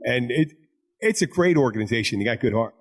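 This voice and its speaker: A man's voice: medium pitch, expressive, brisk. Rambling bartender man telling crude stories. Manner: rambling storyteller, crude jokes, many restarts. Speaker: podcast host and bartender. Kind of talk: casual chat.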